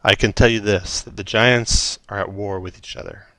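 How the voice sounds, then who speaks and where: A booming, enormous storm giant, as a game master puts him on speaks with both contemplation and command. His grave, solemn delivery sits in a low, gravelly register with a bright edge. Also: steady tone, moderate pace, dry recording. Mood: grave warning.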